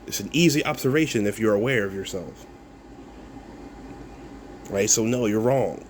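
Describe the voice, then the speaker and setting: A man's voice: on the low side, moderate pace, a little hiss or hum. A content creator, a man, replying to viewer comments in a casual rant, mocking and swearing, breaking into laughs and repeating himself.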